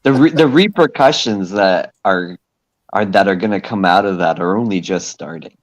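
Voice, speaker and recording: Fairly low voice guy, stumbling a bit, easygoing chat. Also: moderate pace, highs cut off. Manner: hesitant, restarts often. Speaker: podcast co-host. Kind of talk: casual chat.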